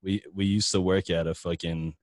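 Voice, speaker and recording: Deep-voiced podcast host man. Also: steady tone, a crowd in the background. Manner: loose and halting, with many fillers. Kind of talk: casual chat.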